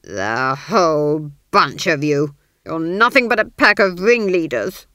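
A woman voicing a mad, paranoid male duke in an audiobook, drawn out, slow and menacing, close and dry. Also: medium pitch, creaky, no echo. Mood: snarling paranoid. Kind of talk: audiobook character voice.

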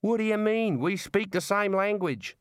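A man voicing a blunt, sharp-tongued young woman with a scornful manner. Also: sits high, normal speed, smooth, no echo, clean studio sound, voice pushed up, lightly acted.

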